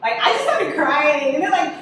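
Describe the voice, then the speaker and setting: High-voiced and speaking at normal speed, a young woman, a guest writer and director, chats casually in an interview. She's lively in her storytelling, acts out quotes, and laughs often. Echo, distant miking, and background noise are present.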